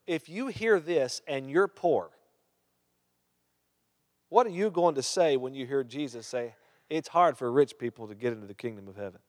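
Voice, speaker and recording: Joking preacher in an echoing hall. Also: male voice, fairly high pitch. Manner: reads scripture, then asks the crowd questions and jokes. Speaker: pastor. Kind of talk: sermon. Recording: long hall reverb.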